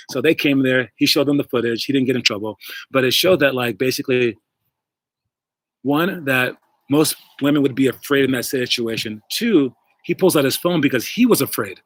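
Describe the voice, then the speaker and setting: A basketball coach hosting a casual livestream talks in a medium-pitched voice at a normal speed, recorded dry through wireless earbuds. He rambles, leans on lots of fillers, and speaks straight to his viewers.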